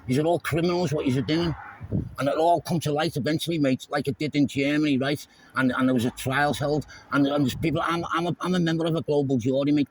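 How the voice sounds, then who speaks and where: A man filming himself in an argument with police, repeating "mate" and often shouting. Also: medium pitch, slight background noise, low-quality recording. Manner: argumentative, repeats "mate" constantly, stumbles over words. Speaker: self-filming activist. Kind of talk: heated roadside argument. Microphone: handheld phone camera.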